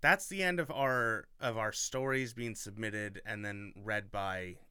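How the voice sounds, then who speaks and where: A man's voice: fairly low pitch, unhurried, pushed and bright, smooth, no room sound, clean studio sound. A man hosting a podcast in casual chat, rambling, self-mocking and enthusiastic. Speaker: podcast host.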